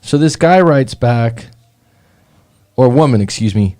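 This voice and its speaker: A man's voice: mid-range voice, lively intonation, a little slow, mellow. A man, a breakup coach and show host, talking casually and bluntly in a monologue, swearing as he retells online arguments.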